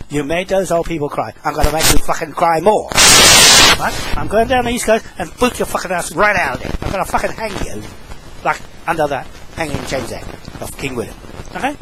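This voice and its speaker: A man ranting angrily to camera, swearing and demanding "right?" after nearly every point. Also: a little high. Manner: confrontational, swearing, repeats "right?" often. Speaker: self-declared land owner and chief. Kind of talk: angry rant to camera. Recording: loud background noise.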